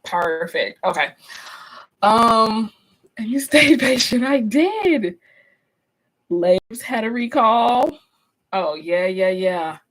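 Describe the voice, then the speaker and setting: A woman's voice: on the high side, lively intonation, slow, pauses often, a bit bright, rough recording. A woman instructor talks with her class over a live stream, in a loose, chatty way, and she takes her time. She often restarts her sentences and calls her viewers y'all. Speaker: course instructor leading a live class discussion.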